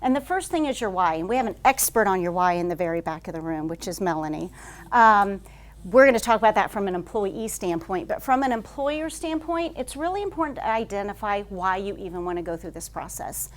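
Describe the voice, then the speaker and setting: Woman, HR consultant, conference talk, rapid pace, lively storytelling, live audience. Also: mid-range voice. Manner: fast-paced, says she talks like an auctioneer; lively storytelling with frequent "um" fillers. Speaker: HR consultant giving a presentation.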